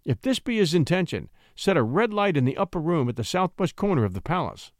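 A man's voice: a little high, sing-song, fairly quick, dry recording, clean studio sound, voice pushed up. A man voicing a stern duke with a harsh voice in a classic story.

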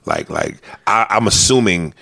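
Male comedian podcast host, very low gravelly voice, rambling and profane, dry sound. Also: huge pitch swings, measured pace, bright, forceful tone, dry recording. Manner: rambling, profane, lots of restarts. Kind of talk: casual podcast chat.

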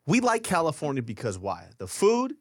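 A man's voice: on the high side, huge pitch swings, normal speed, no room sound, clean studio sound. A man co-hosting a podcast, grumbling and swearing in laid-back casual chat. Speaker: podcast co-host.

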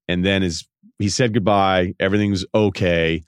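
A man with a lowish voice hosts a podcast and tells rambling stories. He laughs at himself and keeps a loose, casual delivery. The sound is dry and close. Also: steady tone, moderate pace, clear, resonant tone, no room sound. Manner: rambling, self-deprecating, laughs at his own stories. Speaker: podcast host. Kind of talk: casual storytelling monologue.

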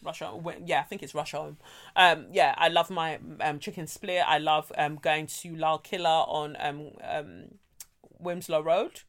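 A woman co-hosting a podcast, reading out a listener's letter and chatting casually, animated and quick to laugh. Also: sits low. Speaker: podcast co-host.

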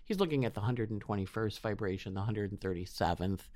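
A woman's voice: extremely low pitch, brisk, darkish tone, dry recording. A woman astrologer chatting in an interview, rambling with many restarts. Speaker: astrologer guest. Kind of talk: casual interview chat.

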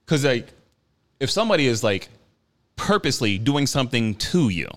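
A man's voice: mid-range voice, sing-song, normal speed. A man co-hosting a podcast, a parent, talking in a blunt, profane, heated way in casual chat. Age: adult parent. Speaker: podcast co-host.

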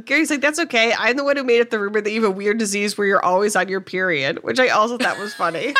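Podcast co-host, female, bright tone, lively recap that slips into character lines. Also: medium pitch, fast talker, slight background noise. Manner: animated retelling, acting out character lines. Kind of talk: casual movie recap chat.

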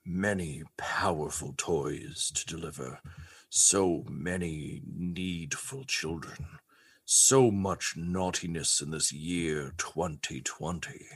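A man's voice: low voice, creaky, pushed and bright, voice pushed down, heavily acted. A man voicing a stern, imperious older male Santa who mutters and gives clipped commands.

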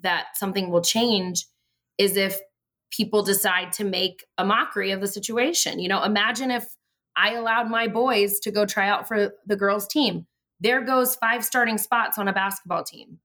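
A woman's voice: medium pitch, moderate pace. Chatty woman school board candidate. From Prince William County, Virginia, USA. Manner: chatty, animated, acts out quoted voices. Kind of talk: casual podcast chat.

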